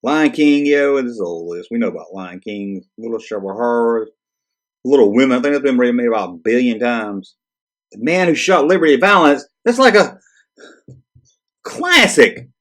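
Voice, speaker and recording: A man in the middle of a casual, exasperated rant, his voice sitting at an ordinary pitch. He sounds sarcastic and fed up, and he swears freely as he reacts to each item. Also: lively intonation, normal speed, fairly bright tone. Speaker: channel host. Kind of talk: casual ranting commentary.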